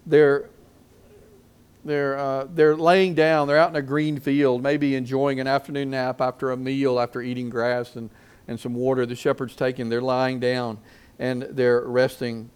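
A man's voice: medium pitch, a little slow, smooth. Man preaching with rising emphasis. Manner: preaching with call-and-response questions; lively swings in loudness for emphasis. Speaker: pastor. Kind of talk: sermon.

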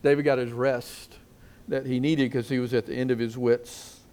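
A middle-aged male pastor preaching a sermon, asking the congregation questions and swinging his loudness for emphasis. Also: mid-range voice, little pitch movement, moderate pace. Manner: preaching with call-and-response questions.

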